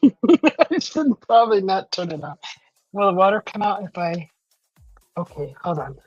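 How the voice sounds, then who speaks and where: Very animated and a little slow, a woman with a medium-pitched, slightly mellow, husky voice rambles through a home livestream, reading viewer comments and dropping many "uh" fillers. Her voice is recorded dry, over dull lo-fi audio and faint background music.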